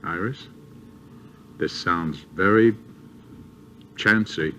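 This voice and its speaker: An actor playing a loving, worried older father who speaks gently and haltingly to his grown daughter, in 1980s TV soap acting. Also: sits low, slight background noise, heavily acted. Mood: tender. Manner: gentle, hesitant, tender.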